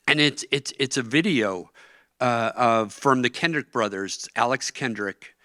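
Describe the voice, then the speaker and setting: A middle-aged man tells a personal story of hard times with an earnest, plainspoken delivery that gets tearful at moments. His voice has a bright, forceful edge. The sound is dry and close. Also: mid-range voice, takes it slowly, dry recording. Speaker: interview guest. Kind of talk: emotional personal testimony. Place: conference stage.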